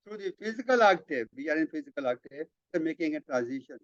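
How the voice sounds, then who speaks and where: A man's voice: a little high, lively intonation, no echo. Man, emphatic spiritual teacher. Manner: emphatic, repeats words, halting restarts. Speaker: spiritual teacher leading a study session. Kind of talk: explanatory talk, reading out and commenting. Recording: dull lo-fi, dry sound.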